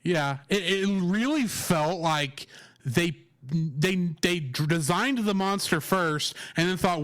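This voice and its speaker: A man's voice: sits high, slow, fairly bright tone. A man as a podcast guest, making dry, easygoing remarks in casual chat.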